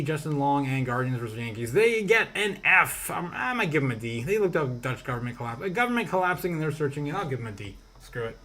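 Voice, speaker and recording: A man's voice: a little high, fairly bright tone. A man hosting a casual crypto livestream, rambling, laughing often and reading out viewer comments to his chat.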